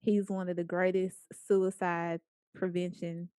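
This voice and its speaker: A woman speaker telling a story to a small group in a lively, playful way, acting out the lines of the people in it. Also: fairly low pitch, a little slow, clear, resonant tone, no room sound, studio quality. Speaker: guest speaker.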